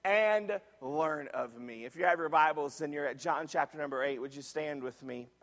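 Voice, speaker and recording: A man preaching in a church sanctuary, his voice pitched high for a man. His delivery is emphatic, and he repeats key phrases and throws questions back to the congregation. A long reverb trails each phrase. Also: fairly even intonation, fairly quick, a bit bright. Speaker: pastor. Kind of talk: sermon.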